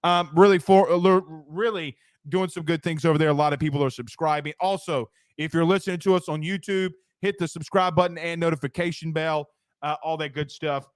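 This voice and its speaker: An energetic man runs a casual sports talk show. His voice sits a little high and sounds dry and close to the mic. He chats freely and plugs sponsors. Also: fairly quick, clean tone, no echo.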